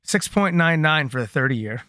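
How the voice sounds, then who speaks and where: A man co-hosting a real estate market update, joking around and reading figures slowly. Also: on the high side, expressive, sharp tone, dry recording, clean studio sound. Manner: joking, reads figures slowly and rounds them off. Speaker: co-host reading market statistics. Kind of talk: casual podcast chat.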